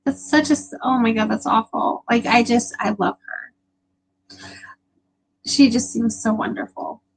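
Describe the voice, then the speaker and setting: A woman's voice: a little high, steady tone, unhurried, gravelly, husky, rough recording. A young woman hosting a casual live stream, chatting with viewers in a gushing, emotional way with lots of fillers.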